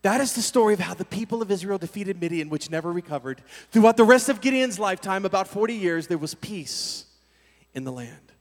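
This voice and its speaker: A man preaching a sermon as a lively story, energetic and full of casual slang. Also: high-pitched, fairly quick. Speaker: pastor. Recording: long hall reverb.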